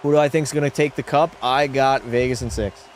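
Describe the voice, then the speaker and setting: A young man live-streams a hockey video game from a home room, chatting casually with viewers and reading chat aloud while offering blunt, opinionated takes. His voice is medium-pitched with fairly even intonation and a fairly quick pace, over slight background noise.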